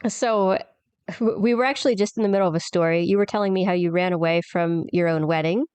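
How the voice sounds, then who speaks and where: A woman's voice: fairly low pitch, fast talker, background noise. An American woman co-hosting a casual podcast chat, asking curious, playful questions. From United States. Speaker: podcast co-host.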